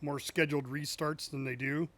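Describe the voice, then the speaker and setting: Joking male gaming streamer, slightly high voice. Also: level tone, normal speed, a bit bright. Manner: joking, chuckles at his own puns. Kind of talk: casual live gameplay chat.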